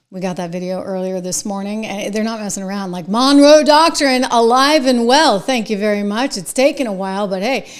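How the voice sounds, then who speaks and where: A woman hosting an opinion commentary show, talking emphatically and excitably in a chatty way. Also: mid-range voice. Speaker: show host.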